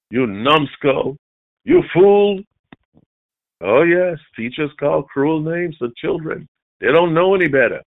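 A man preaching a sermon, swinging from shouted outbursts down to hushed, low asides. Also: no room sound. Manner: dramatic preaching, shifts from loud shouted mimicry to low near-whispers. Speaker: pastor. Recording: dry tinny phone-like sound.

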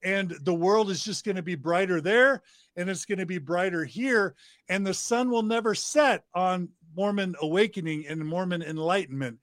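A man's voice: sits high, moderate pace, a bit bright, no echo, studio quality. A middle-aged man, a podcast guest, talking with passion and piling up emphatic lists of praise. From United States. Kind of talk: enthusiastic interview talk.

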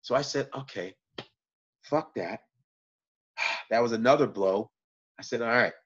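Husky man telling stories, cursing freely. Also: moderate pace, highs cut off. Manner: profane, animated retelling with bursts of high pitch. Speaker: guest comedian. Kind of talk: casual storytelling.

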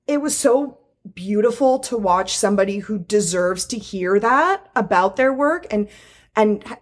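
A woman's voice: mid-range voice, lively intonation, measured pace. A woman co-hosting a casual chat, emotional and gushing, swearing freely and using lots of fillers.

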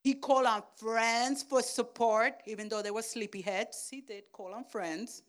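A woman pastor preaching a sermon, checking in with "Amen?" and "right?", and swinging from soft asides to loud calls. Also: on the high side, steady tone. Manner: slow, deliberate delivery.

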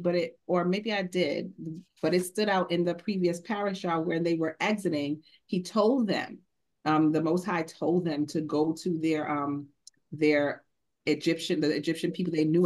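Congregation member, mid-pitched voice, rambling, searches for words and corrects themselves mid-thought. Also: normal speed.

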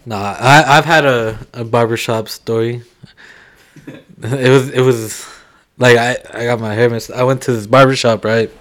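A man's voice: mid-range voice, fairly even intonation, measured pace, fairly bright tone. A young man with a mid-range voice chats casually on a podcast. He teases and jokes with easy banter. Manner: joking, teasing, pushy banter. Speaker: podcast co-host. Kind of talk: casual chat.

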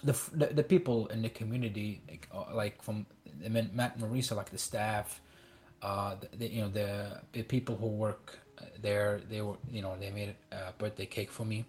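A man's voice: fairly low pitch, fairly even intonation, darkish tone. Male guest from Iraq, casual storyteller who stumbles and restarts, acts out quoted voices. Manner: halting, many restarts and fillers.

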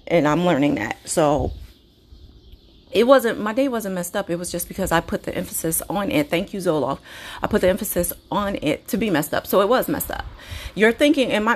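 A woman's voice: lowish voice, a little mellow. A woman hosting her own podcast, talking candidly and conversationally about her experiences, with frequent restarts and fillers. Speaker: podcast host. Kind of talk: casual personal monologue.

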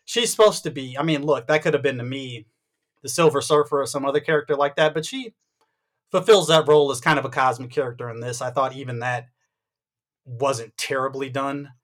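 A man talking casually on a podcast, rambling and getting animated as he tells a story. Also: mid-range voice, a little fast. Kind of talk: casual movie ranking chat.

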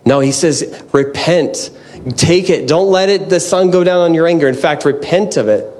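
Man, pastor, conversational sermon, animated, fairly high-pitched. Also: moderate pace. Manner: conversational, animated preaching with self-deprecating asides.

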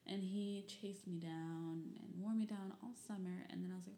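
A woman's voice: medium pitch, steady tone, normal speed, warm tone, reverberant, slight background noise. A young woman from Michigan telling personal stories and reading old diary entries in a rambling, candid way, full of fillers and the odd curse. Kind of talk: personal storytelling.

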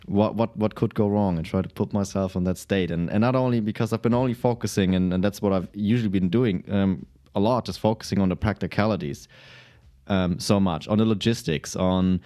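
A man hosts a podcast interview. He talks haltingly, circling back over his words. His voice is very deep and warm. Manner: halting, many restarts and fillers. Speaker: podcast host. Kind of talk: interview questions and reflections.

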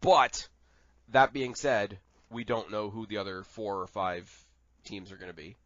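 A man co-hosting a podcast in casual wrestling chat, animated and rambling, swearing freely. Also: fairly low pitch, a little slow, no room sound, lo-fi sound. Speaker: podcast co-host.

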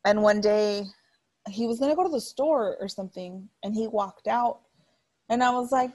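A woman in her thirties co-hosting a casual chat, blunt and animated as she tells stories, swearing freely. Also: on the high side, moderate pace. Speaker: podcast co-host.

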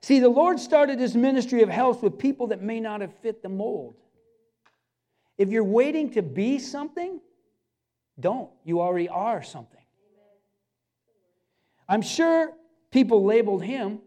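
Male pastor with a very high voice, preaching in an emphatic, repetitive style straight at the congregation. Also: animated, unhurried, pauses often, mellow. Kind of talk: sermon.

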